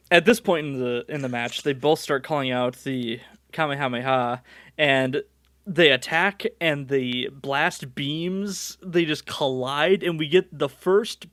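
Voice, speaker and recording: A man's voice: on the high side, slow, fairly bright tone, no echo, clean studio sound. A male podcast host chatting casually, recapping scenes and laughing often as he goes. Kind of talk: casual watchalong chat.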